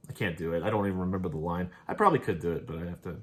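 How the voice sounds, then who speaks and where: Racing along in a low voice, a show host recaps and reviews an episode. He rambles, laughs frequently, and quotes the characters offhandedly.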